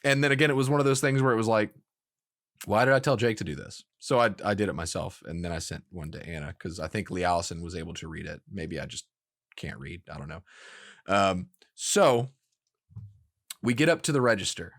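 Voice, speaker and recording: A man co-hosting a gaming podcast, telling a story in casual chat, animated and laughing as he quotes others. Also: low-pitched, a little fast. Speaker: podcast co-host.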